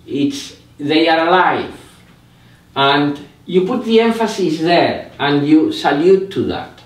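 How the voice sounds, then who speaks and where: An older man, a Spanish native speaker, teaches meditation in a slow, reflective way, pausing often with soft fillers. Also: mid-range voice. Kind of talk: live meditation talk. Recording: echoey room, mic at a distance.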